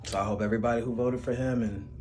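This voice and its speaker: A man's voice: medium pitch, fairly even intonation, rapid-fire, darkish tone, slight background noise. A man giving casual, blunt commentary in a conversational way with a few fillers.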